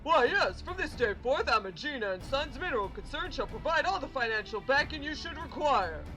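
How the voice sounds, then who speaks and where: A woman's voice: sits high, big pitch swings, a little fast, music in the background, voice pushed up, rough recording. A woman voicing a pompous, wealthy male merchant chairman in a fan-read game story, with grand, formal speech. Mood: grandiose.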